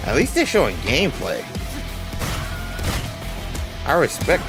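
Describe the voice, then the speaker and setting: A man co-streaming a game showcase, reacting in chatty, excitable commentary that swings from flat to shouting. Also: a little high, slow, vocal fry. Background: showcase audio and music.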